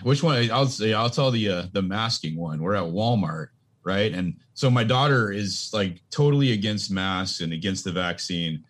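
A man co-hosting a parenting podcast, laid-back and quick to laugh while asking questions. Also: fairly low pitch, lively intonation, fairly bright tone. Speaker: podcast co-host. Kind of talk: casual podcast chat.

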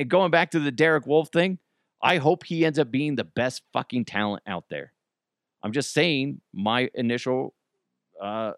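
A man's voice: a little high, no room sound, clean studio sound. A man hosting a podcast, giving a casual, joking pep talk peppered with swearing. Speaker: podcast host.

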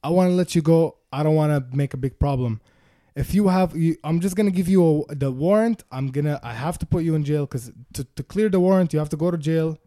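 A steady, businesslike police officer lays out terms in a flat, matter-of-fact tone, as a man puts him on while retelling a story. The voice sits somewhat high for a man and sounds dry and close. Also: brisk, few pauses, dry recording, natural voice. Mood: calm, businesslike.

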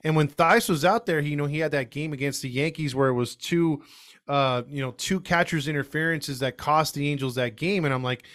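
A man guest co-hosting a sports podcast, rambling through stories in casual chat. His voice sits a little above the usual male pitch. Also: a little fast, fairly bright tone. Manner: rambling, storytelling. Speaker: guest co-host.

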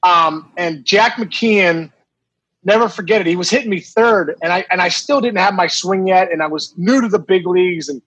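A man in his forties, a former baseball player, telling a story in casual, animated talk with many fillers and restarts. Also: high-pitched, normal speed, slightly rough, dry recording, dull audio.

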